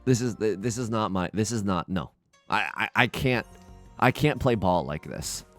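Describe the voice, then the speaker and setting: A man's voice: on the low side, animated, moderate pace, faint music behind. A young man hosting a let's play, chatting casually and mock-outraged at his luck in a self-deprecating way. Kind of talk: casual gameplay commentary.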